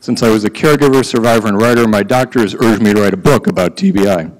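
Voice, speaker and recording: A middle-aged man giving a prepared conference talk, who sometimes breaks into fast auctioneer-style patter. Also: lowish voice, in a large hall, poor audio. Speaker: conference speaker. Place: conference hall.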